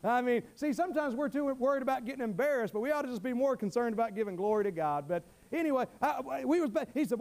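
A man's voice: very high voice, lively intonation, fast, hardly any pauses, a little mellow. A middle-aged man preaching a fervent, folksy sermon, often repeating himself and calling out amen.

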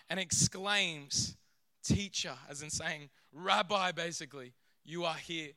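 A man preaching a sermon in an animated way, sometimes acting out voices from the story. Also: a little high, measured pace, no echo. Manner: animated, acts out scenes in character voices.

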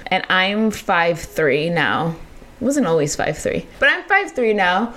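A woman hosting a podcast, telling a personal story in casual, animated, profane talk with frequent laughter. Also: lowish voice, a little slow. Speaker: podcast host.

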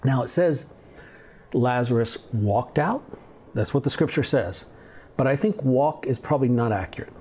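A man's voice: mid-range voice, animated, normal speed, a little mellow, a little hiss or hum. A male pastor giving a conversational sermon on video, reading scripture and adding humorous asides.

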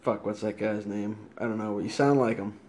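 A man's voice: lowish voice, fairly even intonation, a little fast, a little mellow. A man co-hosting a comedy podcast, laid-back and playing along dryly with a caller bit. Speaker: podcast co-host. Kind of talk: casual comedic podcast chat.

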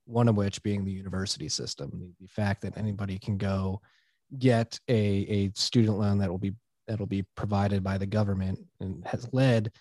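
A man co-hosting a podcast, chatting casually and explaining his views in an animated, opinionated way. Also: on the low side, normal speed, dry recording. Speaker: podcast co-host. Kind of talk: casual conversational chat.

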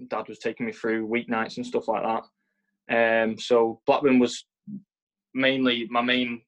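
A man's voice: mid-range voice, monotone, unhurried, a bit bright. A young man with an English accent, a footballer answering interview questions earnestly, often repeating and restarting his words. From England. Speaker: professional footballer, interview guest.

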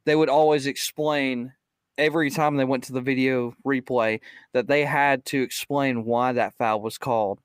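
A man's voice: medium pitch, fairly even intonation, normal speed, clean tone, no room sound, studio quality. A man co-hosting a sports podcast in casual chat, talking hesitantly with stammers and trailing off.

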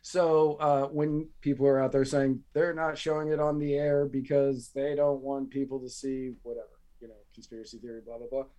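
A man co-hosting a casual news podcast, talking loosely and joking as he works through his notes. His voice sits at a middle pitch. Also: flat delivery, normal speed, few pauses, mellow. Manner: chatty, joking, reads from notes. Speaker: podcast co-host.

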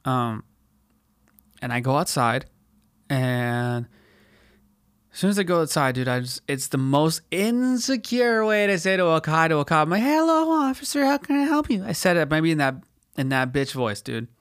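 A man's voice: a little high, lively intonation, normal speed, long pauses, a bit bright, smooth, no echo, studio quality. A man hosting a podcast, telling a story in a casual, profane, slangy way and acting out quotes in put-on voices. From United States. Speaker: podcast host.

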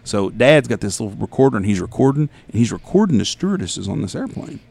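Guy, low voice, swings all over the place telling stories, swears a lot. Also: quick pace, vocal fry. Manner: animated, profane storytelling. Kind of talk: casual storytelling chat.

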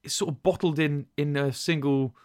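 A man's voice: a little high, steady tone, moderate pace, darkish tone, no echo, clean studio sound. A man co-hosting a casual podcast chat, talking in a rambling, enthusiastic way. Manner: rambling, enthusiastic, many restarts and fillers. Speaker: podcast co-host.

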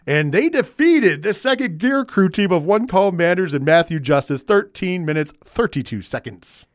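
A man in a casual wrestling recap talks with a fairly high, animated voice, rambling through results with profane enthusiasm. The sound is close and dry, with no room around it. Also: normal speed, no room sound. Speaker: wrestling podcast host.

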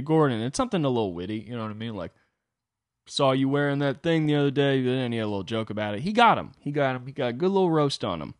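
A young man hosts his own podcast, telling a comedic story full of profane, rambling asides. His voice sits fairly low but swings widely in pitch. The sound is close and dry. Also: no room sound. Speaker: podcast host.

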